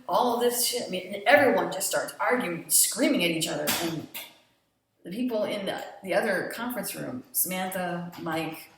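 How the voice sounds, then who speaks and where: A woman casually recapping a TV episode, animated, blunt and full of swearing. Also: lowish voice, moderate pace, a little hiss or hum. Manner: animated retelling, profane and blunt. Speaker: TV show reviewer. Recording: very echoey room, distant mic.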